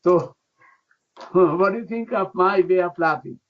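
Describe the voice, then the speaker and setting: A man's voice: high-pitched, a little slow. Exuberant older man, laughing guest. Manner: exuberant, chants and bursts into laughter, broken English. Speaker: laughter yoga teacher, radio guest. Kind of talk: enthusiastic radio interview. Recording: dull lo-fi radio sound.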